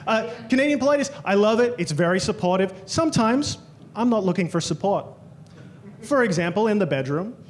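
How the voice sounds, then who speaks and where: Man, Australian accent, high voice, stand-up comedian, animated storytelling, faint background hum. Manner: animated storytelling, quoting others in exaggerated voices. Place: comedy club stage.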